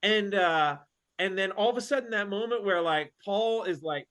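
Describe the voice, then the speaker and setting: High-voiced man telling a story. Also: moderate pace. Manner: animated, full of fillers and slang. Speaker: wrestler guest. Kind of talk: casual storytelling.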